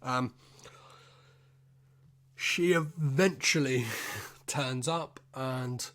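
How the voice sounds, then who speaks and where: A man's voice: medium pitch, extremely slow, fairly bright tone. A man hosting a solo podcast, recapping a film in a loose, rambling way, swearing freely and making self-deprecating asides. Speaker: podcast host.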